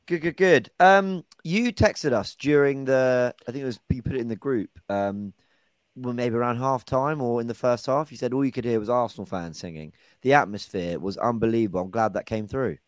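A male podcast host talks in a relaxed, chatty way, bringing his co-hosts in one by one. His voice sits at an ordinary middle pitch. The recording is close and dry. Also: normal speed, no echo. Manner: chatty, hands the floor to others. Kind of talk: casual football podcast chat.

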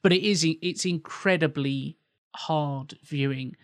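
A man's voice: fairly high pitch, unhurried, dry recording, clean studio sound. A man co-hosting a film podcast, speaking earnestly in casual chat and often restarting his words. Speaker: podcast co-host.

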